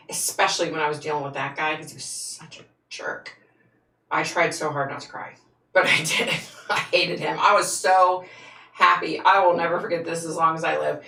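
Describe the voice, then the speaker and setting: Host: low-voiced, gravelly woman chatting frankly with viewers, room echo, sits back from the mic. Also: bright, forceful tone, recorded from a distance. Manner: frank and chatty, laughs often. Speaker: psychic hosting a live stream. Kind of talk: casual live-stream chat answering viewer comments. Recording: echoey room, voice away from the mic.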